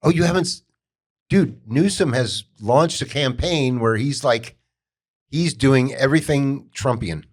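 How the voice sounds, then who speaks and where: A man co-hosting a podcast, talking bluntly with plenty of swearing and quick agreement. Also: mid-range voice. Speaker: podcast co-host. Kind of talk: casual chat.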